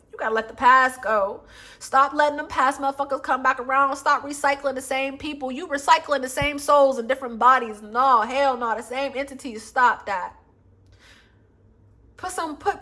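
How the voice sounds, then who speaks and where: High-voiced, blunt woman reading tarot. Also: sharp tone. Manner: blunt, emphatic, swears freely; calls listeners baby and honey. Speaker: tarot reader. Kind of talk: casual tarot reading vlog.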